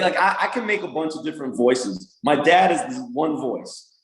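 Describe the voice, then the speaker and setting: A man talking as a podcast guest, an animated storyteller who does voices and laughs often in casual interview chat. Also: on the high side, normal speed, echoey room, poor audio. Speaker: podcast guest, music producer and manager.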